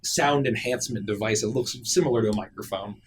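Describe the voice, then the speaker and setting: A man narrating as game master in a tabletop game, describing the scene loosely with lots of pauses and restarts. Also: on the low side, a little hiss or hum. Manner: loose, with many fillers and restarts while describing.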